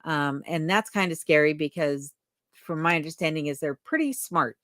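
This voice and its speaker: A woman's voice: low-pitched, normal speed, a bit bright, no room sound, studio quality. A woman hosting a livestream chat who reads viewer comments aloud and greets people by name in a friendly, chatty way. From lives in Alaska. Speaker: livestream host.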